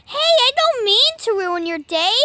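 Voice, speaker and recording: A squeaky, very high little sea lion creature, as a woman puts him on, gushing and begging to tag along in a homemade toy skit. The voice sits close and dry against the mic. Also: big pitch swings, measured pace, sharp tone, dry recording, heavily acted. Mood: cheery. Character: excitable, clingy young male sea lion creature.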